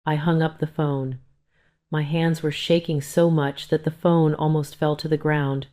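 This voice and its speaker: A woman narrates a dramatic first-person family story. Her delivery is stern and cold, in a low voice. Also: little pitch movement, a little slow, mellow.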